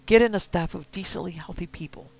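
Desperate, imperious dying rich lady, read by a man in a slightly raised, gravelly storybook voice; raving and demanding. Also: high-pitched, fast talker. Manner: pleading then commanding, raving.

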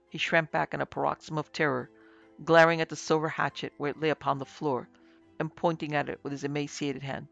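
A man narrating a classic supernatural tale in a measured, scripted reading. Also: on the high side, level tone, creaky, a bit bright, lo-fi sound, faint music behind. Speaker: narrator and producer.

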